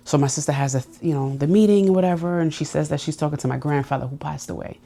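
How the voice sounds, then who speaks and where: Talking fast with hardly any pauses, a woman with a low, creaky, dark-toned voice hosts her own podcast. She opens up about personal growth in a confiding, heartfelt way that turns emotional at moments.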